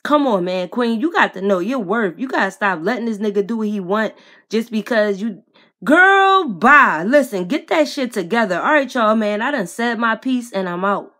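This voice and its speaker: A woman's voice: mid-range voice, moderate pace, fairly bright tone. A woman vlogger giving a blunt, profane, heated commentary to camera, speaking straight to the person she criticizes and to her viewers in slangy casual talk. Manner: addresses viewers directly, slangy.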